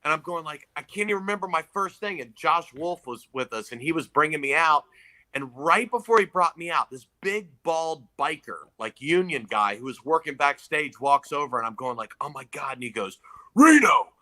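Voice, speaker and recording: A man telling a story in casual chat, animated, acting out quoted people. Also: normal speed. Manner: animated storyteller, acts out quotes in loud high voices. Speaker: comedian guest.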